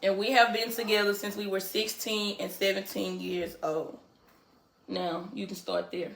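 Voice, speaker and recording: A woman's voice: medium pitch, level tone, normal speed, gravelly, a bit bright, reverberant, a little hiss or hum. A woman in her thirties hosting a casual livestream from her living room, chatty and teasing, laughing often. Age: 30s. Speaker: livestream host.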